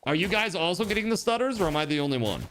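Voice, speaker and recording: A man streaming a game live, chatting casually with his viewers and thinking out loud. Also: sits high, sing-song, very fast, a little hiss or hum. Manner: chatty, talks to chat, trails off and restarts. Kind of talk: casual live-stream chat while gaming.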